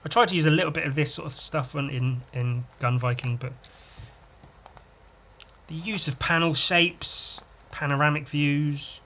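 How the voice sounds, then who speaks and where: A man hosts a casual podcast, enthusing over a comic and making his own sound effects as he reads. His voice is bright and fairly high. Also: measured pace. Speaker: podcast host.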